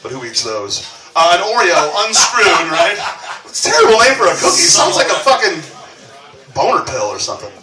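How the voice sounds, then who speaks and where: A man's voice: high-pitched, huge pitch swings, brisk, far from the mic, music in the background. A man doing a live stand-up set on a comedy club stage, crude and conversational, with wry asides. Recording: roomy club recording from afar.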